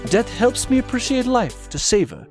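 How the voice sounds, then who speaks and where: Damien, a man doing a formal gothic gentleman. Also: very high-pitched, big pitch swings, normal speed, pitched above the performer's own voice. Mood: wistful. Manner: formal, theatrical diction. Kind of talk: reading a dating game aloud on a live stream. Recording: game music playing behind.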